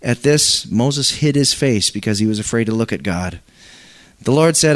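A man's voice: mid-range voice, animated, moderate pace. A man preaching a conversational sermon, reading scripture aloud and asking his congregation questions. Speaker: pastor.

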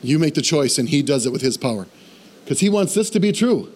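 Animated preaching man, storytelling. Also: a little high, fairly quick. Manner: animated storytelling, self-deprecating humor; rises to fervent exhortation. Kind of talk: sermon.

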